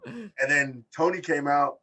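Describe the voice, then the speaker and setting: A man co-hosting a casual podcast chat, telling long stories and acting out quotes in animated bursts. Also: a little slow, distant mic, poor audio. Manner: animated storyteller, acts out quotes with big pitch jumps. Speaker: podcast co-host.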